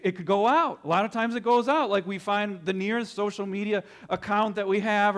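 A pastor preaches an earnest sermon in a high-pitched, fairly bright voice. He tells a story using quoted voices and often repeats words as he builds to his point.

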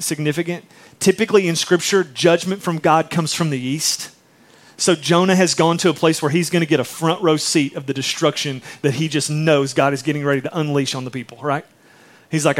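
A man's voice: fairly high pitch, fairly quick. A man preaching a sermon in a conversational way, acting out quotes as he tells stories. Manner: conversational, animated storytelling with acted-out quotes. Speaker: pastor.

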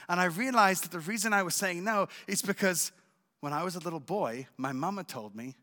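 A man from Israel sharing his personal testimony as a guest speaker at a church service, with animated storytelling and frequent check-ins with the listeners. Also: sits high, brisk, in a large hall. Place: church sanctuary.

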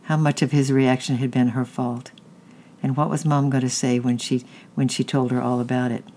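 A narrator reading a chapter of a novel aloud in a steady storytelling manner. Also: medium pitch, moderate pace, slight background noise. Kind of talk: audiobook reading.

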